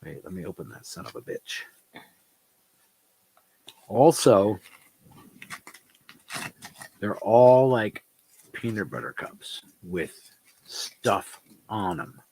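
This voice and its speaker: A man's voice: on the low side, big pitch swings, slow, vocal fry, long pauses, a little mellow, a little hiss or hum. A man co-hosting a casual livestream, joking and swearing as he rambles. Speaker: livestream co-host.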